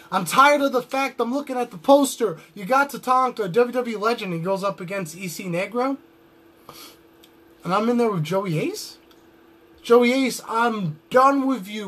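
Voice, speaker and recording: Young adult male wrestler, high voice, brash trash-talking promo delivery. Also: normal speed, a bit bright. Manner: boastful, trash-talking swagger.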